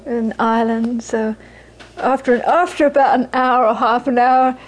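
This recording, poor in quality, captures a woman teaching Buddhism live before an audience. Her voice sits on the high side with fairly even intonation and a measured pace, and she is earnest, repeats phrases to drive points home, and laughs through her stories.

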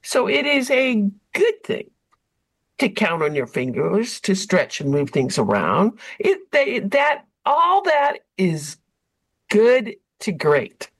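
Animated woman in a lively chat. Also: medium pitch, slow, breathy edge. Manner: animated, rambling with many restarts. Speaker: haiku group member. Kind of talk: casual group chat.

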